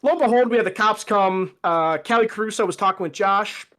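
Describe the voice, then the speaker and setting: A man's voice: high voice, a little fast, a bit bright. A young man as a podcast guest, telling a rambling story in casual chat with lots of fillers. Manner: rambling anecdote with fillers and acted quotes.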